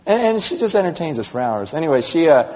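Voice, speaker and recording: A man in his thirties preaching a sermon, telling stories animatedly and swinging between loud exclamations and hushed confession. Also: on the high side, sing-song, fast. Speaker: pastor. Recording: dull reverberant hall recording.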